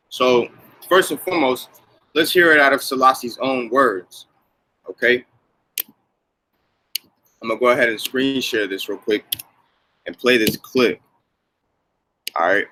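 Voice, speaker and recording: A man talks through a casual religious commentary and keeps peppering his lines with "man" and "okay". His voice is bright and forceful. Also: medium pitch, low-quality recording.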